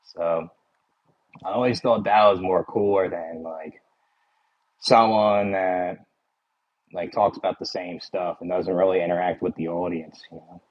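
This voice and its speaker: A man's voice: low-pitched, steady tone, measured pace, long pauses, highs cut off. A man with a Philadelphia accent chatting casually with his livestream viewers, rambling and full of "like" and "you know".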